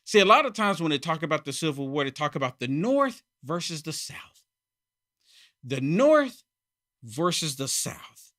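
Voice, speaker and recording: A man hosting his own political commentary monologue, emphatic and repeating his points, swinging from loud outbursts to muttered asides. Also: fairly high pitch, sing-song, moderate pace. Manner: emphatic, repeats phrases for effect. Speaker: channel host.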